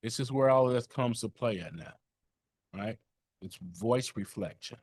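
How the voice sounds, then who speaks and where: A man's voice: medium pitch, normal speed, darkish tone, slightly rough, no room sound. A man leading a sales training session on a call, coaching in a conversational way with lots of fillers and check-ins.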